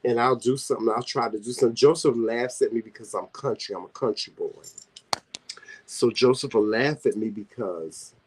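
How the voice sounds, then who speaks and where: A man with a Southern US accent, hosting a casual vlog chat and telling teasing stories in an animated way. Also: medium pitch, normal speed, husky, low-quality recording. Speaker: vlog host.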